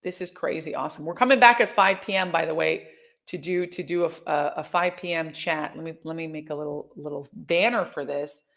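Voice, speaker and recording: A woman's voice: sits low, brisk, creaky. Chatty woman hosting a livestream. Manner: chatty and animated, with frequent restarts. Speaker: livestream host. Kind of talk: casual livestream chat reading viewer comments.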